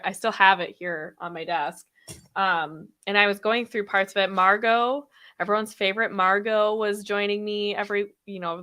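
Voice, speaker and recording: A woman in her thirties hosting a podcast live stream, talking fast and chatty with frequent laughs, her throat a little sore after being ill. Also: mid-range voice, bright, forceful tone, smooth. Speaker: podcast host. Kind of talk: casual live stream chat.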